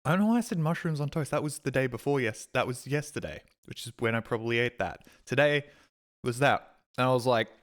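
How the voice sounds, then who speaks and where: A man streaming a game, telling rambling everyday stories and acting out his own exasperated reactions in a sudden higher voice. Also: animated, fairly quick. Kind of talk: casual stream chat, storytelling.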